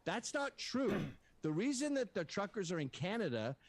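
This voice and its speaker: A man's voice: high-pitched, very animated, normal speed, no room sound. A man hosting a heated debate, mocking and combative, swearing often. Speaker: show host in a debate. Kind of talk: heated debate on a video call.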